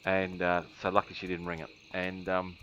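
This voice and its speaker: Low-voiced man telling a yarn. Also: monotone, normal speed, a bit bright, highs cut off, a little hiss or hum. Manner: rambling, laughing, many ums and restarts. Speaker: streamer. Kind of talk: casual storytelling on a game stream.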